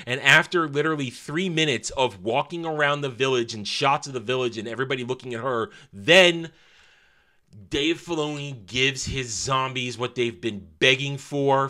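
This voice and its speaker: A man's voice: medium pitch, measured pace, pushed and bright. A man giving a casual, opinionated show review in a sarcastic, scornful way, with mocking asides.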